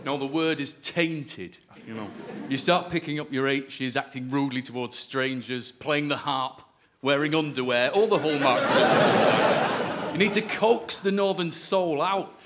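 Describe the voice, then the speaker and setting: A man's voice: medium pitch, moderate pace, heavy background noise. A man with a Yorkshire accent speaking dryly and matter-of-factly in a scripted comedy sketch.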